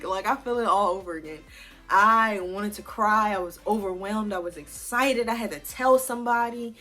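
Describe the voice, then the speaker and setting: A young woman tells a story to her viewers in a loose, animated, chatty way, swearing casually as she goes. Her voice sits at a middle pitch. Faint music plays softly underneath her. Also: moderate pace. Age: 20s. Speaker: vlogger.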